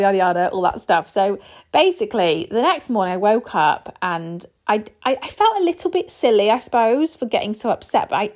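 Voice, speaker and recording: A woman hosting her own podcast, talking through a personal story in a loose, candid monologue. Her delivery rambles, doubling back on itself with restarts and fillers as she thinks aloud. Her pitch sits in an ordinary middle range for a woman. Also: darkish tone. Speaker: podcast host.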